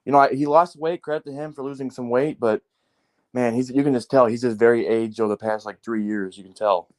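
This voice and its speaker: A man's voice: mid-range voice, a little fast. A man in a casual, heated sports rant, cursing often and leaning on fillers like "like" and "man". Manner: profane, heated, animated ranting with frequent fillers.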